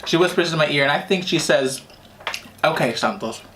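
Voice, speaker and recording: A man's voice: fairly high pitch, steady tone, fast, a bit bright, a little hiss or hum. A man vlogger telling a childhood story as he eats, rambling and restarting, laughing at his own tale. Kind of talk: storytime while eating.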